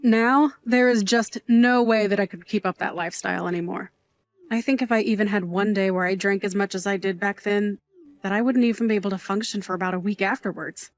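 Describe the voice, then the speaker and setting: A woman's voice: mid-range voice, steady tone, fairly quick, natural voice. A woman playing a middle-aged aunt who raised her nephew, a sentimental night worker who is fond, dramatic and teasing. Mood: reassuring. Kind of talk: scripted dialogue drama.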